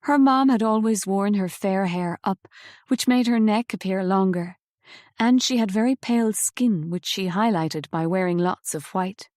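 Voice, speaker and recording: A woman reading a novel aloud in calm, measured scripted narration, close to the mic. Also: medium pitch, no echo. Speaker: audiobook narrator.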